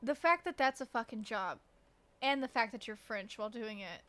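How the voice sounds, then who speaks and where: A woman streamer giving casual gameplay commentary on a close desk mic, blunt, profane and excitable. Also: fairly high pitch, moderate pace.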